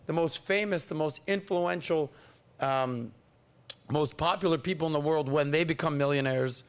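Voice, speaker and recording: High-energy male podcast host, rather high. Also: normal speed, clean tone. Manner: energetic, playful hype-man delivery with teasing asides. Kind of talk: hyped-up casual podcast hosting.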